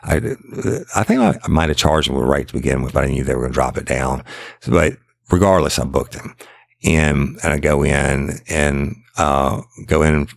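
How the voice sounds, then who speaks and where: Super deep gravelly guy telling a crime story, blunt and cussing, dry close sound. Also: moderate pace, no echo. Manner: blunt, profane, retells dialogue with constant "I said". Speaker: podcast host, former police detective. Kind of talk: casual true-crime storytelling.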